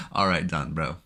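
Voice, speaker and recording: A man's voice: sits low, a bit bright. A man giving live commentary on his own trades, talking to himself in an anxious, emotional way. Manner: anxious, emotional self-talk. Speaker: day trader streaming his trading.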